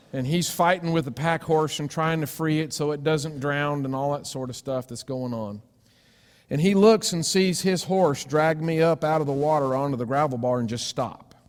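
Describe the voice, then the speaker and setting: A man preaching a sermon, telling a personal story with sudden loud cries and hushed, gentle asides. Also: on the high side. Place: church sanctuary. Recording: long church reverb.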